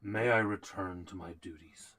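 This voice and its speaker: Grim, solemn male soldier, played by a man at a game table; low, measured, grave. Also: steady tone, creaky, a bit bright, far from the mic. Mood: formal.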